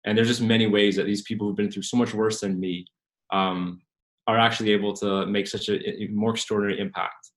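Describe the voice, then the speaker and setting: A man's voice: on the low side, fairly even intonation, a little fast, reverberant. A man answering questions at a forum, earnest and searching for his words, with many restarts.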